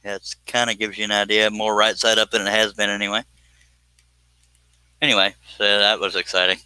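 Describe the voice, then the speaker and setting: A man's voice: fairly low pitch, little pitch movement, a little fast, pushed and bright, clear, resonant tone, dry recording, rough recording. A man, hosting a live stream and chatting casually while he works, rambling and self-deprecating.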